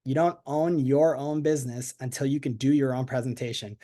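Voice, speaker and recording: A man leading a network marketing team call on a video call, energetic and chatty, asking the audience questions. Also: medium pitch, brisk. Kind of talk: motivational team call talk.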